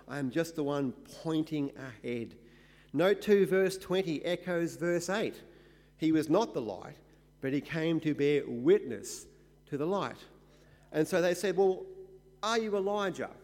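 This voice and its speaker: A man with a fairly high voice teaches scripture verse by verse. He explains things emphatically and often stops to fill with "uh". His voice rings with the long reverb of a large hall. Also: darkish tone. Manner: explanatory, emphatic, with frequent "uh" fillers.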